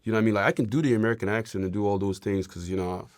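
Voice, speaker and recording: Here the young Irish interview guest talks very fast, his pitch sitting fairly low. The conversation is casual, and he wanders along loosely with lots of filler words.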